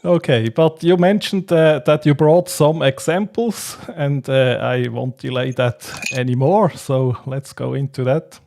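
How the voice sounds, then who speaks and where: A man hosting a casual interview, giving short, unhurried prompts to his guest. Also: mid-range voice, steady tone, gravelly, a little mellow. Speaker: host.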